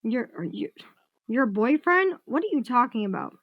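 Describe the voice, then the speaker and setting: A woman's voice: a little high, big pitch swings, moderate pace, dry recording, dull audio. A woman on a home livestream, ranting angrily and swearing heavily, breaking off to reassure someone beside her. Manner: angry ranting with heavy swearing; reassuring asides to someone off-mic. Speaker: livestream host. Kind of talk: casual livestream chat.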